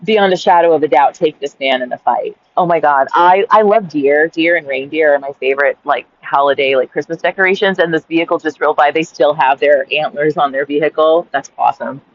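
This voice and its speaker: A woman's voice: sits low, a little fast, hardly any pauses. A woman recording a casual journal-style rant in her car by a busy street, exasperated and swearing, often asking "right?". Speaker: vlogger. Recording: dull lo-fi sound.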